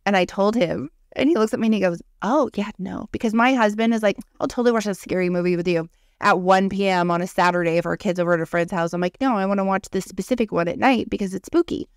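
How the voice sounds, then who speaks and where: A woman in her thirties, co-hosting a podcast, tells an unsettling personal story in a relaxed chat, animated throughout, swearing freely and voicing what others said. Her medium-pitched voice is clean in tone and quick in pace. The sound is dry, clean studio audio.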